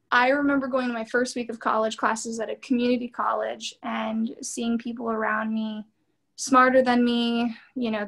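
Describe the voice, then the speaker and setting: A woman in her thirties, a PhD student and therapist, recounts her path as an interview guest in a voice a little higher than most. Earnest and animated, she talks in a candid flow packed with "like" and "you know."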